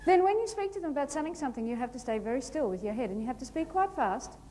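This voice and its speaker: A woman giving a humorous keynote talk on stage, animated and playful, acting out little scenes. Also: high voice, rapid-fire, a little hiss or hum. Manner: lively, animated, playful storytelling with acted-out asides. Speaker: motivational speaker. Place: large hall before a live audience.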